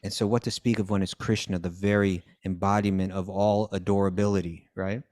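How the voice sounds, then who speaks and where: A man's voice: low voice, little pitch movement, fairly quick, a little mellow. A man telling devotional stories in casual conversation, acting out the characters' lines and often checking in with "you know" and "right?". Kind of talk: conversational storytelling.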